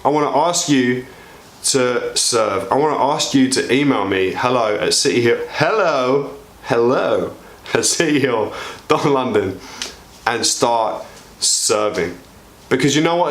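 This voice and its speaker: A man preaching an energetic, joking sermon to his church, his pitch swinging widely as he appeals for volunteers. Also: echoey room. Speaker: pastor.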